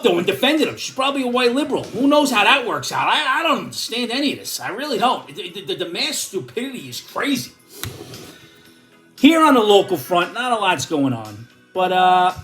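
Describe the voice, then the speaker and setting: Older irish guy, high voice, swings all over, blunt angry rant style. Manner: blunt, animated, angry rants, shouts at times. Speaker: vlog host giving opinions and advice. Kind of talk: ranting commentary and advice column.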